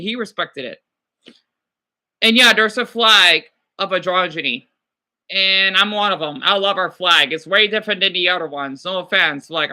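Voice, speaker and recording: A man's voice: high-pitched, pushed and bright. A man livestreaming casually, rambling, swearing and apologizing as he answers viewer comments.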